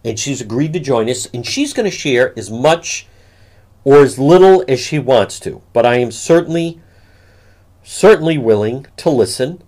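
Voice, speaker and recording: Guy hosting a talk show, earnest, careful, gently coaxing the guest along. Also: medium pitch, lively intonation, moderate pace. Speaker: show host.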